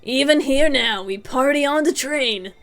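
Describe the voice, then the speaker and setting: A woman voicing a loud, flamboyant male party guy in goggles, in a put-on accent. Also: high voice, a little slow.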